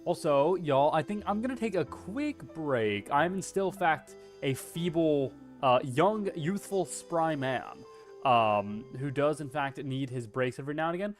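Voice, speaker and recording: Texan guy yapping on stream, goofy and hammy, cusses a lot, voice sits a bit high, little music under it. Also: animated, measured pace. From Texas. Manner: playful, hammy, swears freely, bursts into loud yeehaw whoops. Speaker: VTuber streamer. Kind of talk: casual livestream chat.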